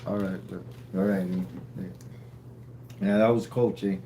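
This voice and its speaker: A man's voice: low-pitched, fairly even intonation, unhurried, warm tone, a little hiss or hum, low-quality recording. A man co-hosting a casual livestream, rambling and laid-back, tagging sentences with "eh". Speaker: livestream co-host.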